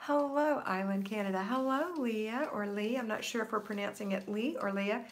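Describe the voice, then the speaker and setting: A woman's voice: medium pitch, fairly even intonation, a little fast. A woman in her sixties hosting a live stream, chatting casually and reading out viewers' comments. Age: 60s. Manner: chatty, friendly, reads viewer comments aloud. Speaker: livestream host.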